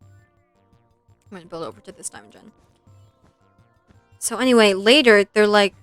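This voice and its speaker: A woman's voice: fairly high pitch, normal speed, long pauses, clear, resonant tone, no room sound, soft background music. Chatty young woman streaming a game. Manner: chatty, scattered, filler-heavy, swears at the game. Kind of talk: casual gaming stream chat while retelling a film.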